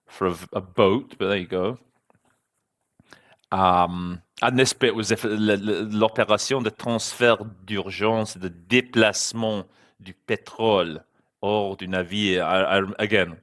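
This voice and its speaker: A man's voice: lowish voice, a bit bright, no room sound, clean studio sound. A man, a conference interpreter hosting a podcast, reflecting candidly on his own interpreting in a conversational way. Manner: reflective, self-critical, conversational.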